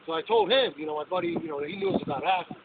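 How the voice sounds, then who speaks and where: A man telling a personal story in a lively, animated way, swearing often and acting out what people said, with lots of fillers. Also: fairly high pitch, very fast. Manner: swears often, acts out dialogue, many fillers. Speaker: speaker recounting a drug experience. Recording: tinny phone-like sound with crowd noise.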